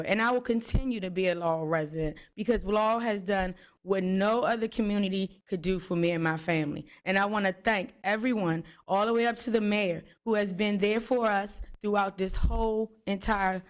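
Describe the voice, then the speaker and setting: A woman's voice: mid-range voice, normal speed. Grateful woman thanking police. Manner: grateful, churchy thanks, introducing family. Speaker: victim's sister. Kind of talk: press conference statement.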